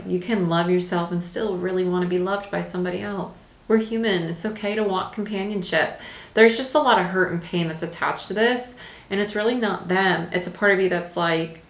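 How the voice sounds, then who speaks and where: Woman tarot reader, lowish voice, chatty and emphatic, recorded in an echoey room. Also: normal speed, a bit bright. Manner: chatty, emphatic, laughs often, repeats phrases. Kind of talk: casual tarot reading.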